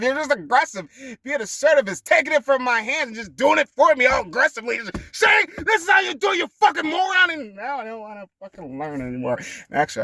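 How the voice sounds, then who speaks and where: Profane rambling man, dry close sound. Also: no room sound. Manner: rambling and profane, bursting into high shouting. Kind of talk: casual monologue rant.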